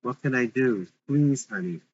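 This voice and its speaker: A man's voice: mid-range voice, expressive, normal speed, dull audio, slight background noise, lightly acted. A man reading a pleading young boyfriend. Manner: pleading, apologetic.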